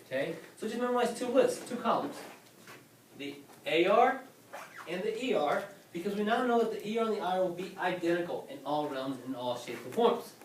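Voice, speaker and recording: A man's voice: high voice, expressive, fairly quick, recorded from a distance, a little hiss or hum. A man teaching a class, lecturing and often asking questions and checking with "okay?". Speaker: Spanish teacher. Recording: roomy classroom from afar.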